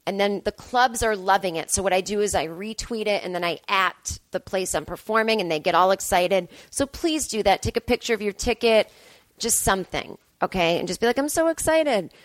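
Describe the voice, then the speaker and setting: Speaking at a brisk clip with no room sound, a thirty-something female comedian chats through her laid-back solo podcast from a hotel room. She wanders from topic to topic, runs herself down, and shifts into squeaky, excited tones whenever she repeats her own words.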